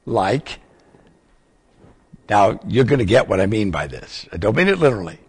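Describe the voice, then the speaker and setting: A man's voice: on the low side, very animated, normal speed, a little mellow, slightly rough. An older man preaching and teaching, quizzing his listeners with questions in an explanatory, teacherly way. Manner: teacherly, asks the audience questions. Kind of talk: sermon teaching. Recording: long hall reverb.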